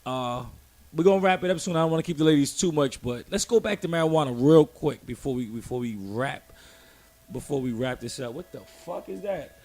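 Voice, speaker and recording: A man's voice: on the high side, lively intonation, fairly quick, a little mellow. Joking man hosting a casual podcast. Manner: loose, joking, stammering restarts. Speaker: podcast host. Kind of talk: casual chat.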